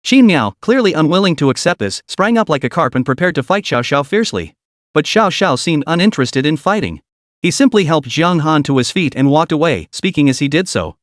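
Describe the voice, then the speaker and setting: A male narrator tells a dramatic story with a voice pitched slightly high. His delivery rises and falls expressively, and the recording is close and dry. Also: very animated, a little fast, dry recording. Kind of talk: scripted narration.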